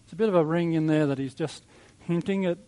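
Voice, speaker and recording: A man preaching a sermon in a conversational, reflective way, with soft chuckles. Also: a little high, quick pace, rough recording. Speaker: pastor.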